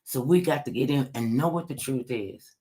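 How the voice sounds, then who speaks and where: A woman's voice: rumbling low, moderate pace, dark tone. Impassioned woman host preaching to viewers. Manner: preachy, repeats phrases for emphasis; rhetorical questions addressed to listeners. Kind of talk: impassioned livestream monologue.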